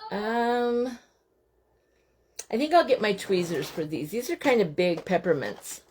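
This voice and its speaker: A woman's voice: mid-range voice, lively intonation, a little slow, a little mellow, a little hiss or hum. A woman chatting casually with her viewers as she crafts at home, often breaking off to speak to her young children. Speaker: host of a live crafting stream. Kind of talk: casual chat while crafting.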